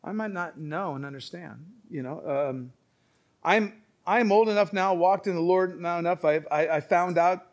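A male pastor preaching a sermon, emphatic and swinging between quiet asides and loud exclamations. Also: sits high, normal speed, highs cut off.

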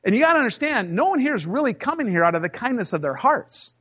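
A man casually telling a story from his working life, acting out both sides of the arguments with lively emphasis. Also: extremely high pitch, fast, breathy edge. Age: 30s or older. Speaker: storyteller recounting a job. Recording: dull lo-fi recording.

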